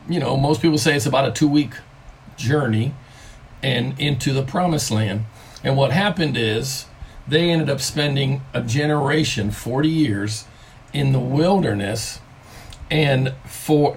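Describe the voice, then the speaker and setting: Gravelly older man giving a homey devotional. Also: medium pitch, slight background noise. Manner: conversational, emphatic, drawn-out stresses on key words. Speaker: pastor. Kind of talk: devotional talk. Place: at home.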